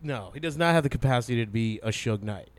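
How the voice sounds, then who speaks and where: A man's voice: medium pitch, animated, fast talker, a little hiss or hum. A man co-hosting a podcast in playful, casual chat who laughs often. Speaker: podcast co-host.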